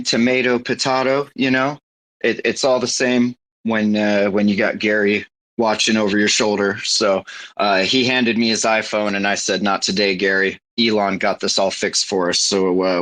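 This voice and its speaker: A man chatting on a live audio space in a dry, joking, deadpan way. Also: medium pitch, poor audio. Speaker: guest.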